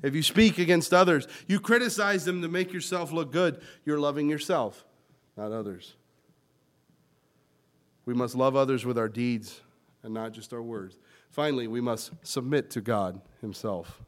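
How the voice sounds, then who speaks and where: A male pastor preaching a sermon, swinging from loud emphatic lines to quiet ones as he explains and quotes scripture. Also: mid-range voice, moderate pace. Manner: teaching word meanings and quoting scripture.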